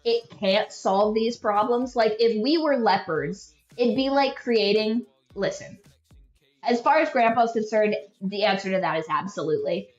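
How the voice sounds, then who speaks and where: A woman's voice: medium pitch, normal speed. A young woman hosting a podcast, telling stories in a casual, rambling, self-deprecating way and leaning heavily on "like" as a filler. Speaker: podcast host. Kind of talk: casual rambling storytelling chat. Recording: echoey room, dull lo-fi sound.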